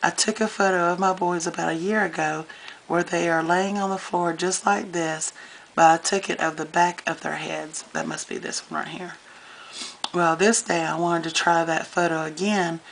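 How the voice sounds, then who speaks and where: A woman, chatting warmly and gushing as she shows scrapbook pages in a casual vlog. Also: low voice, gravelly, slight background noise, rough recording. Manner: gushing, chatty, easily moved. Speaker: scrapbooking vlogger. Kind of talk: casual show-and-tell vlog.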